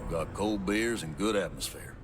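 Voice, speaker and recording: Guy voicing a grumpy old bartender, super deep voice, curt, bit of noise behind. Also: moderate pace, natural voice. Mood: gruff. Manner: blunt, curt. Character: gruff old male bartender.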